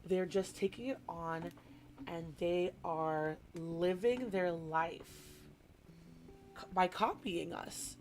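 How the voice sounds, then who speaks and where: A young woman talks through a craft session at an unhurried pace, drifting between hobby chatter and animated stories about teaching small children. She puts on playful voices when she retells what someone said. Soft music plays quietly behind her. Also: on the low side. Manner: animated storytelling, mimics voices, chatty asides. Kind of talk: casual chat while crafting.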